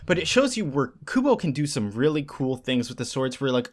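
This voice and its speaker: A man's voice: medium pitch, fairly quick, hardly any pauses. A man co-hosting a podcast, chatting casually and acting out character lines as he recaps an anime. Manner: animated, acts out character lines while recapping. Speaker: podcast co-host. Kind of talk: casual chat.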